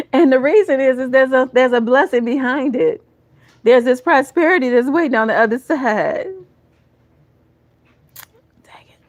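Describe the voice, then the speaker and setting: A woman with a Southern US accent doing a live tarot reading. She talks to her viewers in a folksy, emotional way and calls them y'all and baby. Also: medium pitch. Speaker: tarot reader.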